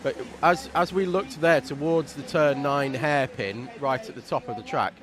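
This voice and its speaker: A man doing relaxed, chatty commentary on a live race stream, explaining things at length. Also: medium pitch, normal speed.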